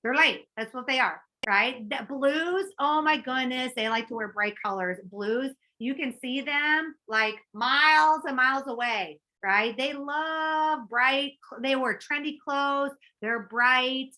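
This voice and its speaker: A woman's voice: sits high, slow pace, hardly any pauses, sharp tone, poor audio. A woman giving a motivational talk as a network marketing trainer, bubbly and chatty, full of fillers and acted-out quotes.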